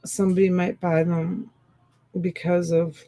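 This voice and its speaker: A woman's voice: on the low side, little pitch movement, unhurried, dark tone, rough recording. A woman hosting a live-stream sale, chatting casually and rambling as she comments, sleepy and yawning.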